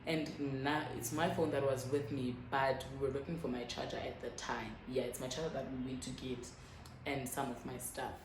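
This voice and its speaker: A low-voiced South African woman in her twenties telling a storytime vlog, lively and quick to swear as she acts out what others said. The room is echoey and a faint hum sits behind her. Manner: animated, swearing, quoting others in quick bursts. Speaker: YouTuber. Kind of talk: casual storytime.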